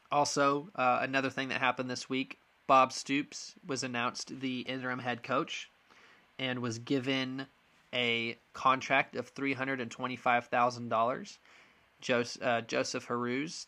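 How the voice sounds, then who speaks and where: Young male sports podcast host, bright voice, blunt and frustrated, loose casual delivery. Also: medium pitch, level tone, measured pace. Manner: frank, frustrated, many ums and restarts. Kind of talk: casual opinion monologue.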